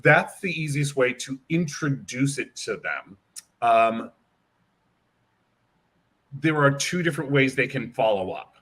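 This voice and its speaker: A man, a hair care brand educator, explaining and demonstrating a product in an animated interview, acting out bits of client dialogue. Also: mid-range voice, measured pace, pauses often, husky.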